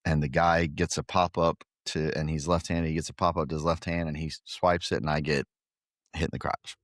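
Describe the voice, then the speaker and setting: A middle-aged man with a very low, deep voice, chatting easily as a podcast guest and poking fun at himself. He grew up in Guatemala. His voice sits close and dry, with no room sound. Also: little pitch movement, fairly quick, no echo. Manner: jokey, self-deprecating storyteller. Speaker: podcast guest, pickleball club owner. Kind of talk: casual interview chat.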